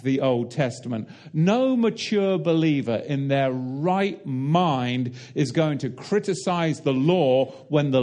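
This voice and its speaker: A man's voice: on the high side, darkish tone. A man preaching a sermon, emphatic and direct, asking the listeners rhetorical questions and explaining Hebrew and Greek terms.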